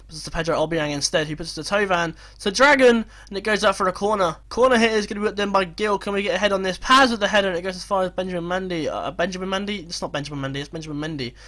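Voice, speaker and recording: A young man giving casual commentary over a football management game, swearing, mocking himself and breaking into excited outbursts. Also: high voice, rapid-fire, hardly any pauses. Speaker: gaming video creator.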